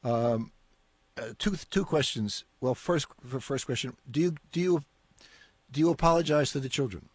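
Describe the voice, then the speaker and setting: A man's voice: mid-range voice, moderate pace, husky, dry recording. A man hosting a radio call-in show, speaking hesitantly with many fillers and repeats. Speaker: radio call-in show host, physics professor.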